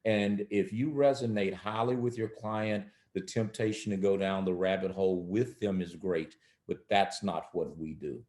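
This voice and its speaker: Man, low voice, measured teaching tone, roomy echo; guest expert explaining coaching technique with sample lines. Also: a little mellow. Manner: measured, teaching with example phrasings. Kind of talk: instructional interview talk.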